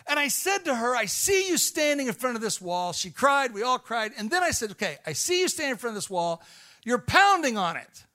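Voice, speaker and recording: High-voiced man preaching a sermon. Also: sing-song, brisk. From Illinois. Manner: storytelling, swings from hushed to shouting. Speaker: missionary preacher.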